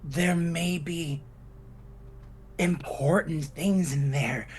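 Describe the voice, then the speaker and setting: A woman playing a tabletop role-playing game, excitable and quick to shriek and laugh. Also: deep voice, a little hiss or hum. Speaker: player. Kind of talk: in-character tabletop play.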